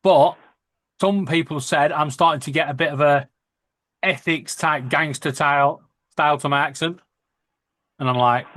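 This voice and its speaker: A man's voice: a little high, steady tone, moderate pace, pauses often, a bit bright. A man with a Lancashire accent, chatting casually and telling jokey, sweary stories. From Lancashire, England. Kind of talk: casual chat.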